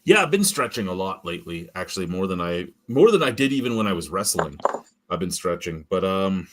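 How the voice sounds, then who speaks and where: A man hosting a casual podcast chat, telling animated stories and swearing freely. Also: low voice, a little fast. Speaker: podcast host. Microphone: streaming call setup.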